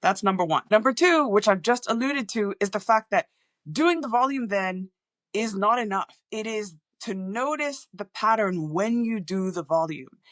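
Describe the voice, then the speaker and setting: A woman audiologist and communication coach talks directly to camera, voicing her patients' comments in character. Her mid-range voice is animated and a bit bright at a normal pace, her international accent often taken for American, with no room sound.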